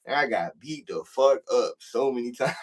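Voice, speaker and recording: A young man, a podcast guest, telling a story in casual chat, loose and profane, full of filler phrases, getting louder when he acts out confrontations. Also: animated, normal speed, rough recording. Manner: loose, profane, full of "like" and "you know what I'm saying"; gets loud and high when reenacting confrontations.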